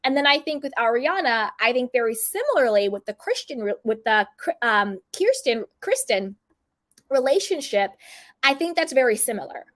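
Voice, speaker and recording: A woman's voice: a little high, normal speed. A woman giving casual, opinionated commentary to her viewers and acting out the quotes she repeats. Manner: animated, opinionated, acts out quotes. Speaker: commentary vlogger.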